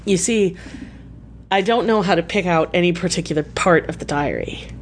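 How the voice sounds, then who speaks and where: A man's voice: high voice, normal speed, a little hiss or hum. A woman voicing an earnest, embarrassed male doctor who speaks hesitantly and awkwardly.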